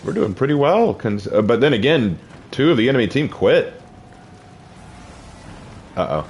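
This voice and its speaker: A man's voice: medium pitch, big pitch swings, moderate pace, long pauses, a little mellow, slight background noise. A man with a Southern US accent chatting casually while gaming, joking and laughing often. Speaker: gamer. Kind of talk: casual gameplay chat.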